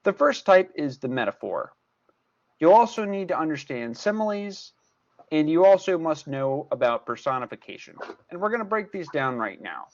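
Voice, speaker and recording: Male tutor, animated and emphatic, repeats key points; muffled lo-fi class audio. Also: a little high, moderate pace. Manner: repetitive, emphatic teacher explaining step by step. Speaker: math tutor. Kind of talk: recorded class lesson.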